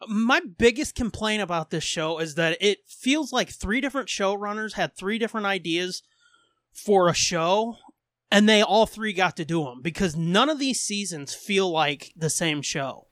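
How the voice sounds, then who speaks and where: High-voiced joking podcast host man. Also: expressive, normal speed, fairly bright tone, dry recording, clean studio sound. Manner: joking, crude, laughs often. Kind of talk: casual podcast chat.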